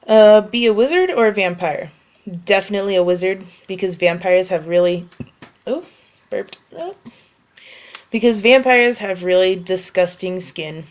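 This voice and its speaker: A woman making a casual voice post, answering questions wryly and reading a book passage slowly and evenly. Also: medium pitch, expressive. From United States. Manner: offhand and wry, reads prose slowly and evenly. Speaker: vlogger answering a question meme.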